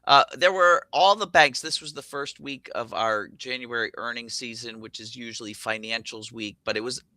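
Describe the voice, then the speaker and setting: Bright, crisp-voiced man explaining trades. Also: medium pitch, normal speed, no echo. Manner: energetic, enthusiastic, thinks aloud with fillers. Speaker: show host, options trader.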